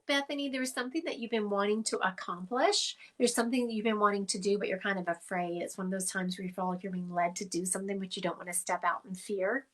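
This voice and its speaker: A woman's voice: mid-range voice, fairly bright tone. A woman, a psychic medium giving an emphatic, affectionate reading to viewers on a live stream from her phone. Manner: chatty, emphatic, affectionate, addressing viewers directly.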